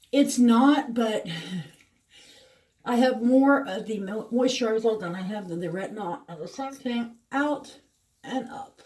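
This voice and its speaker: Her pitch fairly high and her voice picked up from some distance, a middle-aged beauty vlogger talks casually about her skincare routine. The delivery rambles, peppered with frequent fillers.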